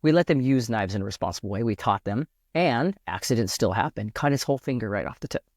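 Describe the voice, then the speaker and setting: A man's voice: fairly low pitch, animated, fast, no room sound, studio quality. A man talking as a podcast guest in an earnest, reflective way, often restarting his sentences as he thinks aloud. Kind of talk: reflective casual conversation.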